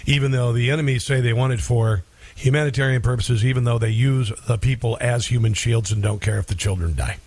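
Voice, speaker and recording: A man's voice: mid-range voice, steady tone, fairly quick, darkish tone, breathy edge. A man hosting a talk radio show, cracking mocking jokes over news clips and taking callers. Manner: mocking, interrupts clips with wisecracks. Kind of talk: sarcastic talk radio commentary.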